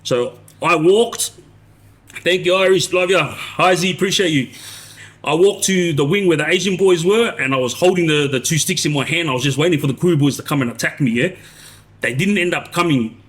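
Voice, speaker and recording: A man's voice: a little high, normal speed, fairly bright tone. A man tells a long story on a casual live stream, restarting sentences and tagging them with "yeah?". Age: 40s. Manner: rambling, restarts, frequent tag "yeah?". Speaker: live streamer recounting prison life.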